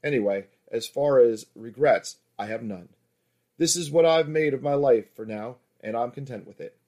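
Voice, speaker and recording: A man's voice: medium pitch, moderate pace, a little mellow, natural voice. Man voicing a frank, confident female escort. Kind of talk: erotic story reading.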